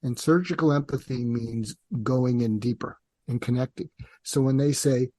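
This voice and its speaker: An older man speaks as a psychiatrist guest, explaining patiently and steadily. His voice is mellow and relaxed. The recording is dry and close. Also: mid-range voice, no echo. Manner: calm, measured, acts out parent and teen dialogue. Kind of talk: conversational interview explanation.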